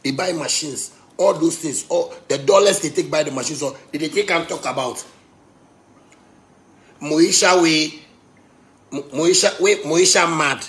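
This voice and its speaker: A man from Ghana with a Ghanaian Pidgin English accent delivering a rambling, impassioned rant. He repeats his phrases and swings between loud bursts and quieter stretches. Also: a little high, a little slow, pauses often. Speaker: self-described pastor.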